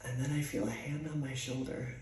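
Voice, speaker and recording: Animated man telling a theater story. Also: mid-range voice, brisk, recorded from a distance. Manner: animated, dramatic, sassy asides. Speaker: theater teacher. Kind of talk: casual storytelling. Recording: echoey room, off-mic.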